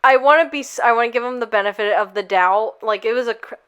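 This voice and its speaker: A woman's voice: on the high side, fast talker, a bit bright, clean tone. A young woman co-hosting a podcast, telling a long story in a rambling, casual way full of fillers. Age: young adult. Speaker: podcast co-host.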